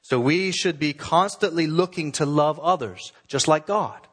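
A pastor preaching a sermon to his church in an earnest, exhorting way, slowing down to stress key phrases. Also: fairly high pitch, a bit bright, slightly rough.

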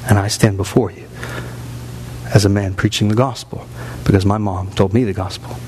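A man's voice: lowish voice, fairly even intonation, moderate pace, a little mellow, slight background noise. A man in his thirties preaching a sermon in a church, reading scripture aloud and rising into emphatic bursts. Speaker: pastor. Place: church sanctuary.

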